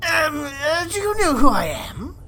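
A woman's voice: high-pitched, sing-song, bright, forceful tone, a little hiss or hum, pitched above the performer's own voice, exaggerated voice. A woman doing a pompous, raging male commander. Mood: indignant. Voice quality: entitled and quick to rage. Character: pompous, hot-tempered male station commander.

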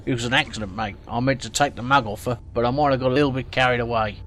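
Man playing a blunt, sweary Australian space-station parking warden, mid pitch, faint hum behind. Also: fairly even intonation, very fast, fairly bright tone, natural voice. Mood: gruff.

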